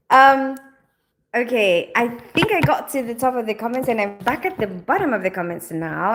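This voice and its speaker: A woman from the Philippines, whose accent blends Filipino and British, hosts a livestream from a home lit for camera. Her voice is on the high side with a fairly bright tone. She chats casually while reading viewers' comments, laughing often.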